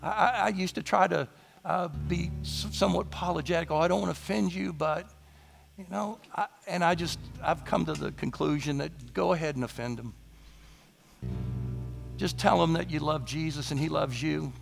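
A man preaching a sermon, his voice hoarse and gravelly, declaring bold lines with rising emphasis. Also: moderate pace, music in the background. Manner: declaring boldly, rising to emphatic high passages. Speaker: pastor.

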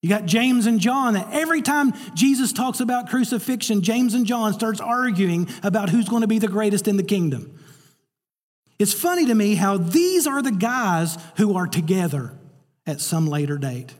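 A man's voice: high voice, animated, moderate pace. A man preaching a sermon, telling a story and acting out the voices he quotes. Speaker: pastor. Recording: reverberant hall.

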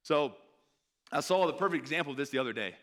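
A man's voice: fairly high pitch, animated, quick pace, fairly bright tone. A man in his thirties, a missionary preaching a sermon in a conversational way, often checking in with his listeners. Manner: conversational, asks the audience often with "right?".

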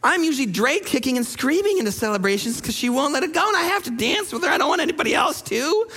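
High-voiced pastor telling a story. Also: male voice, fast, big-room sound, soft background music. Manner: animated storyteller acting out quoted people. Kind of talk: sermon storytelling.

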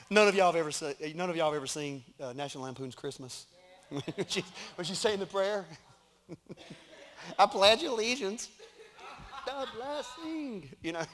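A middle-aged pastor speaking from a church stage in a somewhat high voice. He talks to his congregation in a loose, conversational way, with plenty of jokes. His sermon style stays informal and personal. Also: normal speed, bright, forceful tone. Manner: conversational and joking. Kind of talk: sermon with announcements and prayer.

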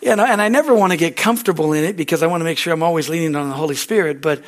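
A man's voice: a little high, very fast. A man with an American accent preaching a sermon as pastor, in a folksy, rambling way, often asking "Amen?" and laughing at himself. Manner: self-deprecating, laughs easily.

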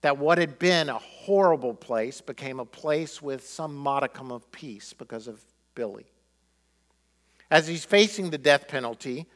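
A pastor preaching a sermon, telling a story and acting out the quotes with feeling. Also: male voice, mid-range voice, a bit bright.

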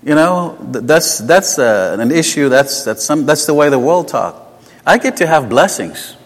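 A man with a South African accent preaching a sermon. He talks conversationally and tells personal stories, moving between emphatic lines and hushed asides. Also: on the high side, big pitch swings, unhurried. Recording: long hall reverb.

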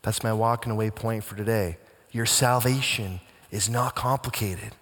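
A male pastor preaching a sermon with dramatic swings between hushed and booming delivery. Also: normal speed, big-room sound.

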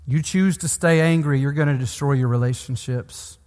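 A man's voice: on the high side, moderate pace, darkish tone. A man preaching a sermon in an earnest, pastoral way, building emphasis through repeated phrases. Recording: long hall reverb.

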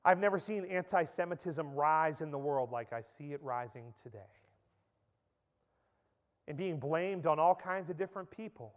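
A man's voice: a little high, animated, normal speed. A man preaching a sermon with impassioned, emphatic delivery in a church. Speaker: pastor. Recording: echoey church hall.

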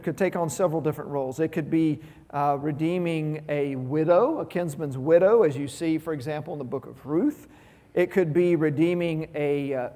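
A man's voice: high voice, darkish tone. A man pastor preaching a sermon, emphatic, repeating key words and asking rhetorical questions. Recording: long reverb of a large hall.

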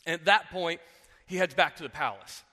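A man preaching a sermon as a pastor, retelling a story in an animated way and acting out the characters. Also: fairly high pitch, a little fast, big-room sound. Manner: animated, acts out characters, asks "right?". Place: church sanctuary.

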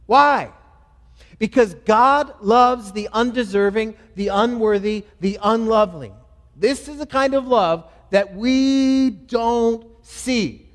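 A man's voice: high voice, slow pace, big-room sound. A male pastor preaching a sermon, asking questions and answering them himself in an emphatic delivery.

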